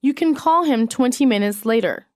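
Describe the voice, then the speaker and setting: A woman reading isolated English practice sentences for a lesson, in a measured, even way. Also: fairly high pitch, dry recording, studio quality.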